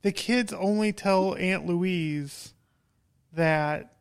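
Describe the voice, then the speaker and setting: A man co-hosting a podcast, talking in a relaxed, wry way as he walks through a plot. His voice is smooth and clear, and it sits a little high for a man. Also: extremely slow. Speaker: podcast co-host. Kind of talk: casual chat recapping a movie.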